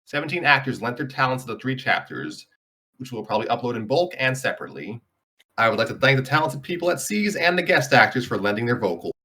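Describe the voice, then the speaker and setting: Lively man narrating with dry jokes. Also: medium pitch, fast talker. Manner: dry self-mocking jokes. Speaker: host and narrator. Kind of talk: scripted story narration.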